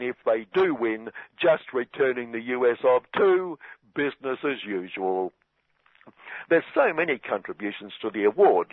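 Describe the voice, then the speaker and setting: A man's voice: medium pitch, no room sound. Sardonic man on tinny radio. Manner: sardonic, mock-earnest irony. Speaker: satirical radio commentator. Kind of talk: scripted satirical commentary. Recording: dry, phone-like radio sound.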